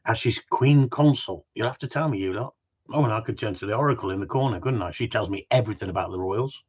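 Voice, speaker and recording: A man's voice: on the low side, fast talker, husky. A man hosts a live stream as a dog trainer, chatting casually and joking while he answers viewers' questions. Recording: dull lo-fi stream audio.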